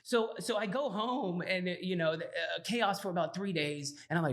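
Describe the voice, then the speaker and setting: A man's voice: high voice, normal speed, a bit bright. A man talking as a podcast guest in casual chat, earnestly telling his story and acting out his own inner dialogue, often checking in with "right?".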